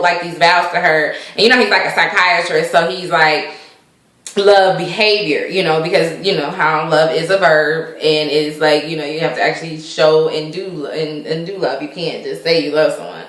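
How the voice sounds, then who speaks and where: A woman's voice: lowish voice, fairly even intonation, normal speed, a bit bright. A woman hosting a casual recap chat about a TV episode, talking with lots of fillers and frequent laughs. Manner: chatty, laughs often, uses many fillers. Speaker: vlog host reviewing a TV episode. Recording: echoey room.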